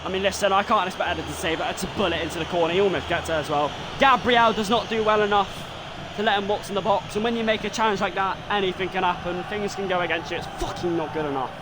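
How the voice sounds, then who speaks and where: A man commentating his own football video game live, muttering play-by-play and swearing and yelling when things go wrong. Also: high voice, fairly even intonation, fast talker, noisy background.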